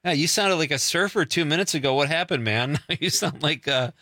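A man hosting a casual interview, chatty and quick to laugh. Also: fairly high pitch, sharp tone, dry recording, clean studio sound. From part of life in Chicago. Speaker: host.

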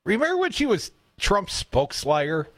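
A man's voice: high-pitched, normal speed, dry recording. A man co-hosting a radio talk show, joking sardonically through political banter from a studio microphone. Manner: sardonic, jokey, animated. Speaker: radio co-host.

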